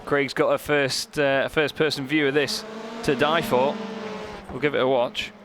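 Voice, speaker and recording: A man's voice: mid-range voice, moderate pace. Man commentating over roaring cars. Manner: lively, joking, gets excited at close moments. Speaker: race commentator. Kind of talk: sim racing commentary. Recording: commentary over loud race car noise.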